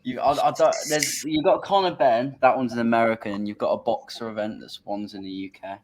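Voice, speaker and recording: A man's voice: mid-range voice, fairly even intonation, fairly quick, a little hiss or hum. A man rambling hesitantly in casual chat on a live online show. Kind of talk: casual banter on a live stream.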